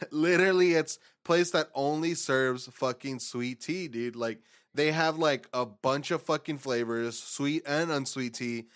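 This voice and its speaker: A young man in his twenties, talking with a laid-back, meandering drawl and swearing freely. His pitch sits in an ordinary middle range, and he talks like he is hanging out with a friend. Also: a little slow, fairly bright tone. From Texas. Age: 20s. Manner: profane, laid-back, rambling. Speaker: podcast co-host. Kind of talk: casual chat.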